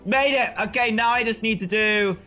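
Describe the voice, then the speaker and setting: A man streaming live gameplay with excitable, frustrated commentary, often yelling at the game. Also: sits high, moderate pace, loud music behind the voice.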